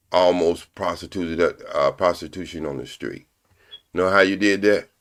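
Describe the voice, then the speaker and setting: Blunt older man lecturing his chat. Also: fairly low pitch. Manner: preachy, repeats points slowly for emphasis; blunt and profane. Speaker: live-stream host. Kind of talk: casual live-stream commentary.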